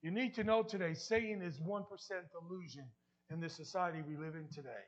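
High-voiced New Jersey pastor preaching. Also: male voice, fairly quick, dull audio. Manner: emphatic, repeats key lines, asks the congregation questions. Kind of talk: sermon.

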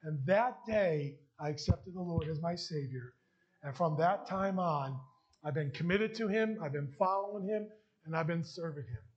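A man's voice: fairly high pitch, normal speed, highs cut off. A man preaching a heartfelt sermon and sharing his testimony, emotional at times. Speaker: pastor.

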